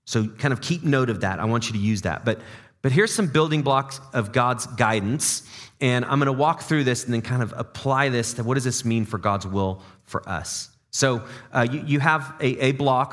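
A man's voice: medium pitch, a bit bright. A man preaching a sermon as pastor to his congregation. He talks in a conversational way, asks the room questions, repeats words as he thinks aloud and drops in dad jokes. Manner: jokey dad-joke asides. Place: church service before a congregation.

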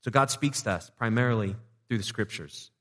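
A man's voice: on the low side, a little fast, a bit bright. A man preaching a sermon as pastor in a loose, conversational way with playful asides. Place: church sanctuary. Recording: reverberant church hall.

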